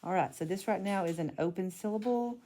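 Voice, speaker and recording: A woman teaching a phonics lesson, calmly narrating each step as she marks and divides words. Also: mid-range voice, a little fast, slight background noise.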